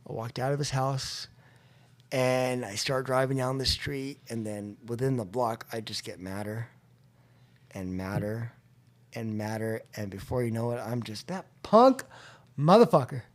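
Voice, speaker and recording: A man recounting a personal story as a podcast guest, acting out the voices of others and going quiet when reflective. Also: unhurried. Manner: animated, acts out quotes with rising pitch and loudness. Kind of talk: storytelling in a recovery podcast interview. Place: room at a convention.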